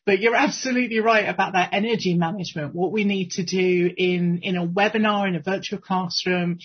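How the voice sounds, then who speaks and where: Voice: medium pitch, fairly even intonation, a little fast, husky, dull audio. A podcast guest and trainer giving chatty, upbeat interview answers over a remote call. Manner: upbeat, chatty, laughs easily.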